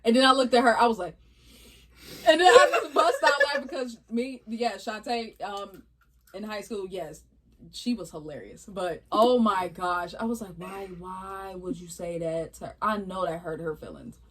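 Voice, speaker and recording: A young woman co-hosting a casual chat, telling stories in an animated way with lots of laughter. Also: mid-range voice, moderate pace. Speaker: podcast co-host.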